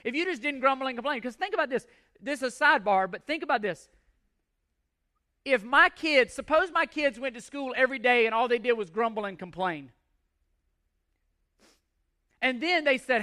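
High-pitched, bright-voiced male preacher. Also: lively intonation, a little fast. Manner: emphatic preaching with repeated phrases and scripture readings. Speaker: pastor. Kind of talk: sermon.

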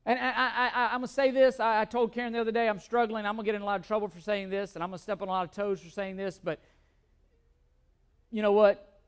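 A man's voice: sits high, level tone, fast talker, clear, resonant tone. A man preaching a sermon as pastor, emphatic, often repeating words and asking rhetorical questions.

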